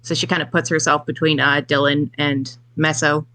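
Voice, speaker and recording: A woman's voice: deep voice, little pitch movement, moderate pace, pushed and bright. A woman player who methodically narrates her character's moves in a tabletop game, using many filler uhs.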